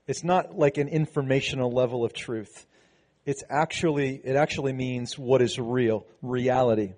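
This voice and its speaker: A man's voice: mid-range voice, fairly even intonation, moderate pace, a little mellow. A man, a pastor, giving a sermon in a conversational, preaching way, with frequent restarts and emphatic passages.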